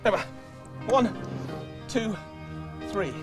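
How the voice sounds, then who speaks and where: A man's voice: high voice, takes it slowly, over loud music. A man hosting a comic children's puppet show, fussing and exasperated as he keeps giving in.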